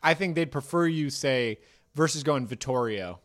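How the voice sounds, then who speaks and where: Podcast co-host, adult male, playful riffing delivery, mid pitch. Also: moderate pace, a bit bright. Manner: teasing, riffing banter. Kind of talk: casual chat.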